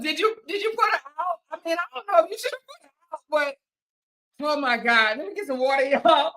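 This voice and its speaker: A woman's voice: sits high, fairly bright tone. A woman hosting a casual live chat, reading viewer comments aloud and breaking up with laughter until she is crying. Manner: laughing hard, breaking up between lines. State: laughing to tears. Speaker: talk show host reading viewer comments.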